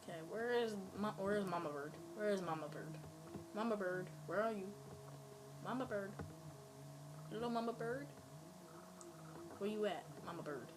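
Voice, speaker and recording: A woman's voice: mid-range voice, moderate pace, pauses often, noisy background. A woman giving casual let's-play commentary, rambling playfully and talking at other players. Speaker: gameplay commentator.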